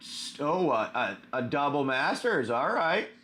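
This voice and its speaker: Chatty male card-stream host, higher voice. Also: very animated, measured pace, pushed and bright, a little hiss or hum. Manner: chatty, greets viewers by name, many fillers. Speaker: live stream host opening card packs. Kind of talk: casual live stream chat.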